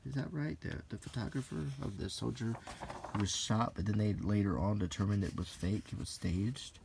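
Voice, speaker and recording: A man from the United States softly reading aloud from an old magazine and musing in asides, in a soft-spoken unintentional ASMR style. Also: lowish voice, moderate pace, vocal fry, noisy background. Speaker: host flipping through an old magazine.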